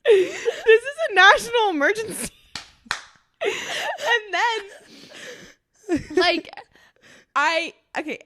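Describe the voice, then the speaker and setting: Young woman, podcast co-host, high bright voice, very lively pitch, jokey, laughs a lot. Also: slow pace, long pauses. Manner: expressive, laughs often, jokey exaggeration. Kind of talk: casual chat.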